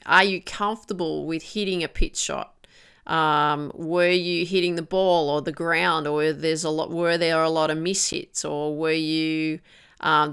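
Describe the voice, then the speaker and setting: A woman's voice: fairly low pitch, fairly bright tone, clean tone. A woman coaching golfers on their mental game, who works through one question after another and sometimes acts out an inner voice. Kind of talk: coaching monologue.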